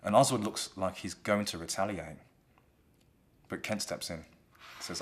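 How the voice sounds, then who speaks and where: A man with a very low voice retells a classic play in a relaxed, chatty way. He talks like he is explaining the story to a friend. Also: measured pace. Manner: relaxed, conversational.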